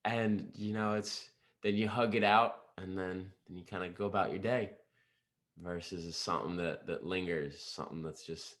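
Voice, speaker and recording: Low-voiced reflective podcast host. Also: male voice, steady tone, moderate pace, a bit bright. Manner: reflective, affirming, sums up lessons. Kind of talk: casual conversation.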